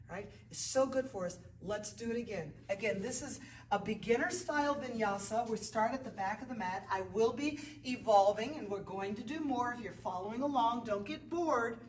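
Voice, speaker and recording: Echoey yoga instructor woman, slightly high. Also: expressive, normal speed, a little mellow, far from the mic, a little hiss or hum. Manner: counts out breaths and moves, then encouraging asides. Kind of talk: guided yoga class instruction.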